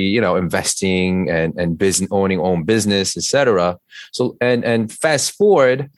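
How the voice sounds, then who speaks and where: Deep-voiced man with a Korean accent. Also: no room sound. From South Korea. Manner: earnest, plain-spoken, with repeated restarts. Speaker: podcast guest. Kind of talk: conversational interview.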